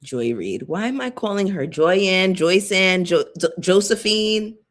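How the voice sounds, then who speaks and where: A woman hosting a casual live-chat commentary stream, chatting loosely with frequent fillers, shout-outs and asides to viewers. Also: medium pitch, animated, measured pace. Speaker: YouTube commentary host.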